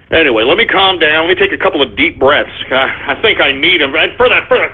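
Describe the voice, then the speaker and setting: A man's voice: a little high, breathy edge. A man hosting a live internet radio show, ranting and exasperated, cursing and stammering through restarts as he addresses his listeners as folks. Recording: tinny phone-like internet radio stream.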